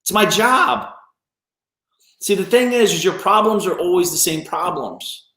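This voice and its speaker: A man's voice: high-pitched, lively intonation, unhurried, sharp tone, roomy sound. A man who runs a business, giving a blunt, profane, scolding motivational rant on a live stream. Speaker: business owner.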